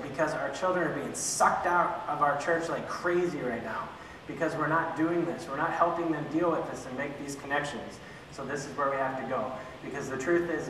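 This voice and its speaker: A man's voice: on the high side, pushed and bright. A man teaching an adult church class, asking questions and answering them himself, with joking asides. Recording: echoey hall from far off, faint room noise.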